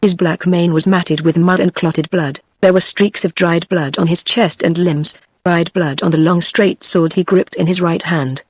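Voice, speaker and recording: A woman's voice: on the low side, normal speed, few pauses, no room sound. Dry synthetic British woman narrating. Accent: British English. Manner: steady, even text-to-speech delivery. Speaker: audiobook narrator.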